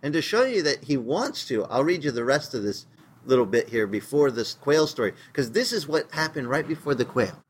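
Delivering a laid-back sermon in everyday slang, a male pastor tells a story and performs the voices of the people he quotes. His medium-pitched voice has lively intonation and a breathy edge, at a moderate pace.

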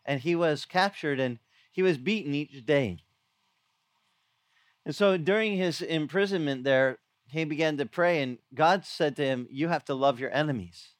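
A middle-aged man delivers a relaxed, conversational sermon with a slightly higher voice, slipping into little acted-out quotes as he tells stories. The sound is dry and close, with no room echo. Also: moderate pace. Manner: conversational storytelling, acts out quotes. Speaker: pastor. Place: outdoor beach gathering.

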